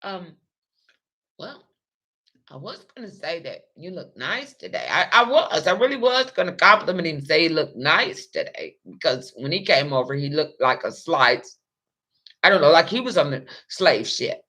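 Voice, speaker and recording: A woman's voice: deep voice, very animated, moderate pace, sharp tone, husky. A young adult woman telling a personal story in a rambling, emotional, profane way. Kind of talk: casual monologue.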